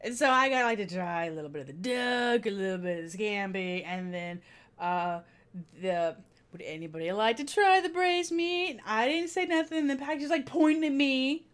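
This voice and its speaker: A woman vlogger casually telling a story about a dinner out, chatty and animated, laughing often as she recounts it. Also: medium pitch, moderate pace, smooth.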